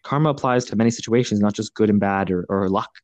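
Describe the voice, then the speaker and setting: A young man hosting a podcast, talking in an earnest, reflective way, pausing often with fillers. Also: lowish voice, darkish tone, no room sound, dull audio. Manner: earnest, thoughtful, halting with many fillers. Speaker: podcast host. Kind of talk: reflective casual podcast talk.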